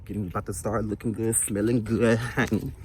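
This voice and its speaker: A man's voice: fairly low pitch, flat delivery, a little fast, a little mellow, a little hiss or hum. A young man vlogger telling a casual storytime while walking outdoors, sassy and chatty with asides to his viewers.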